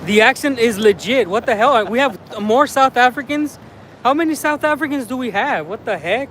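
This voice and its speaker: A man livestreaming on his phone as he walks around town outdoors, chatting casually and excitably, rambling with lots of fillers. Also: very high voice, moderate pace, slight background noise. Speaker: vlogger livestreaming. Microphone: handheld phone livestream.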